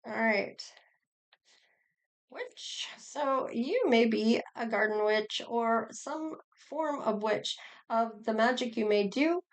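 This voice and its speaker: Slow, chatty higher-voiced woman. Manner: chatty, rambling, with frequent sighs and laughs. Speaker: tarot reader. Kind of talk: casual tarot reading monologue.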